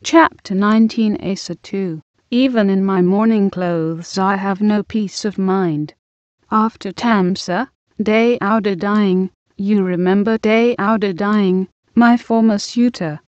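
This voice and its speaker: A woman reading a novel aloud in a measured, deliberate way. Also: medium pitch, steady tone, a little mellow, no room sound. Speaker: audiobook reader. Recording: dull lo-fi recording.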